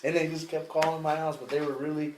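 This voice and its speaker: A man's voice: on the high side, level tone, fast, darkish tone. A man on a comedy podcast talking in an easygoing way, chuckling now and then. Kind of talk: casual podcast chat. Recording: echoey room with clear background noise.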